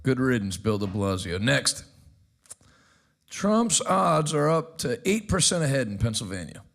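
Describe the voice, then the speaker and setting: An American pastor hosting a casual news commentary show, tossing off wry quips between clips. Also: male voice, mid-range voice, big pitch swings, unhurried, creaky, a bit bright.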